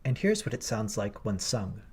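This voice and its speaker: A man's voice: lowish voice, sing-song, normal speed, noisy background. A man coaching choir singers in a recorded rehearsal lesson, explaining diction precisely and patiently.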